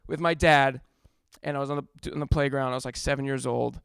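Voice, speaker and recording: A man's voice: mid-range voice, steady tone, brisk, vocal fry, a bit bright, clear, resonant tone, no echo, studio quality. A young adult man telling a rambling stand-up story on a comedy club stage, breaking off mid-sentence and laughing at his own jokes.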